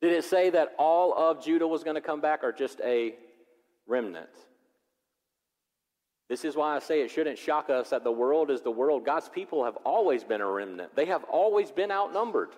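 A man's voice: fairly high pitch, normal speed. Man preaching in a reverberant church hall. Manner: animated, swings from loud preaching to soft reflection. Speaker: pastor. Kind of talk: sermon.

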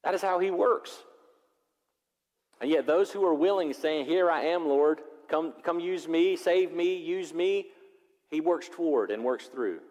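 A male pastor preaching a sermon. He moves from loud, rising preaching to quiet, reflective passages. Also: a little high, a little slow. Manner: animated, swings from loud preaching to soft reflection. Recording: long hall reverb.

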